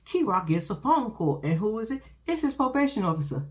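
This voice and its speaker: A woman chatting casually as she recaps a show for her viewers. Her pitch swings widely and she sounds animated. She swears freely and throws in frequent asides straight to the audience. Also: brisk. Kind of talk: casual chat.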